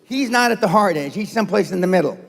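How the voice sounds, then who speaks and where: A man's voice: high voice, expressive, fast talker, gravelly, big-room sound. An older man giving a blunt, profane and confrontational seminar speech to a live audience. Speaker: motivational speaker. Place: seminar room.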